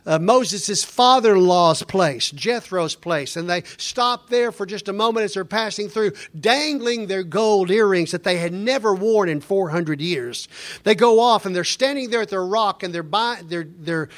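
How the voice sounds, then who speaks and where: Male preacher, high-pitched, storytelling sermon, repetitive and dramatic, softens to near whisper on scripture. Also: unhurried.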